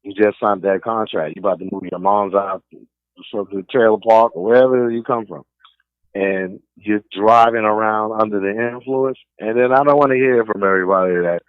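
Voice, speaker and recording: A man's voice: on the low side, moderate pace, smooth, dry recording. New York man ranting on a phone-like line. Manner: streetwise, opinionated, ranting. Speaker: sports radio host. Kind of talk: casual sports talk radio. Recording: dry, phone-like narrow band.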